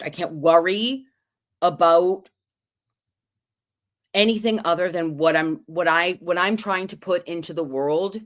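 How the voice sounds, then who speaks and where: Chatty woman hosting a livestream. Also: low-pitched. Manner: chatty, gushing, reads out viewer comments. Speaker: livestream host. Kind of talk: casual livestream chat.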